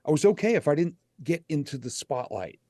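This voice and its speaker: A man's voice: a little high, big pitch swings, fairly quick, warm tone, no echo, clean studio sound. A middle-aged man, a motivational speaker, telling a candid personal story as an interview guest.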